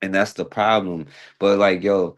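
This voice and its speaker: A man's voice: sits low, little pitch movement, normal speed. A man hosting a talk radio show, giving blunt, emphatic commentary with a sarcastic edge.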